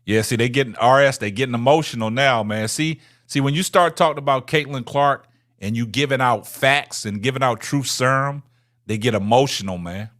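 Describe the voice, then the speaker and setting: A man's voice: mid-range voice, normal speed, fairly bright tone. A man, hosting a casual livestream and talking to viewers in the chat. He taunts them, repeats himself and ends many phrases with "man". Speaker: livestream host.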